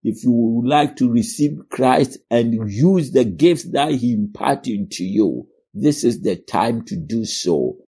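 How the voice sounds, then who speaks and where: Slow, gravelly-voiced male preacher. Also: medium pitch, expressive, dark tone. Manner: earnest, repeats phrases, addresses listeners as "my friend". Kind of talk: sermon.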